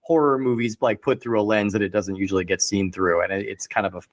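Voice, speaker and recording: A man's voice: on the low side, fairly even intonation, fast talker, dry recording. A man chatting casually about a film on a podcast, rambling along with lots of fillers. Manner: rambling, heavy on fillers like "like" and "you know". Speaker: podcast panelist.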